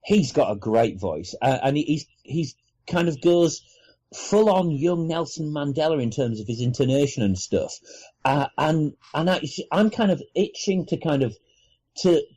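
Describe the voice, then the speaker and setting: A grown man from Wales co-hosting a casual podcast, animated and hesitant, often restarting his sentences. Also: a little high, moderate pace, slightly rough, rough recording. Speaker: podcast co-host. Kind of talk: casual chat.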